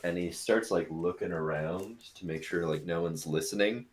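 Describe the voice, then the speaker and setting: A man with a very low voice narrates a tabletop game as its game master. He talks in a relaxed, casual way, with a lot of small fillers. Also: normal speed, hardly any pauses.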